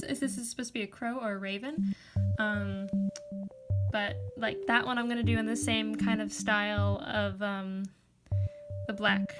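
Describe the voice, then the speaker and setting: High-voiced woman rambling while crafting. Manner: rambling, heavy use of "like" and "um"; animated, swears casually. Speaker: crafting vlogger. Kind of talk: casual chat while working. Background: background music.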